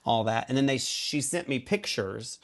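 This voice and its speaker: A man with a Southern US accent, a podcast guest telling stories in a lively, comic way. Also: mid-range voice, moderate pace. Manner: animated, comic storyteller. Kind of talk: casual podcast storytelling.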